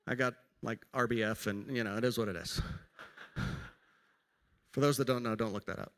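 A pastor in his forties delivers a sermon in a church sanctuary, speaking conversationally and poking fun at himself while weaving in personal stories. His medium-pitched, slightly bright voice keeps a steady tone and moderate pace, with long hall reverb on the recording.

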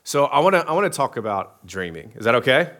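A man's voice: medium pitch, sing-song, fast talker, a bit bright. Male pastor, 30s, chatty sermon, jokes and asks the crowd things. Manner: casual, joking, many restarts, asks the crowd.

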